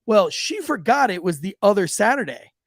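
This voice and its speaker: A man with a high, gravelly voice tells a story from patrol in a profane, lively way, slipping into the voices of the people in it. The studio sound is dry and close, with no room heard around him. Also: moderate pace, no echo. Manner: profane, animated, acts out quoted voices. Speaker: police officer and podcast host. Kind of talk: casual storytelling. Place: podcast studio.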